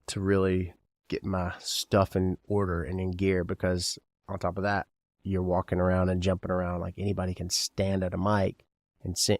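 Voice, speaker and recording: Kentucky guy rambling on his podcast, kinda low voice, jokey, keeps asking you stuff, dry mic. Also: no echo. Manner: rambling, joking, asks the listener questions. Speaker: podcast host. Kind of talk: casual solo podcast chat.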